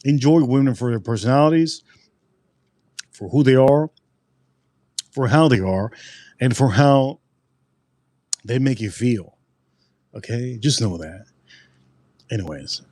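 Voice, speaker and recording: A man spinning a story on a live stream, animated and profane. He circles back and repeats his lines for emphasis, and his voice sits in a middle pitch. The sound is dry and close. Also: slow pace, long pauses, no room sound.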